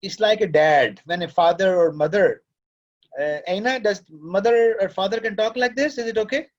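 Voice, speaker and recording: In a classroom, a man who is both course director and lecturer talks paternally to his students, dropping into Urdu at points. He has a high voice and speaks at normal speed, and the audio is dull.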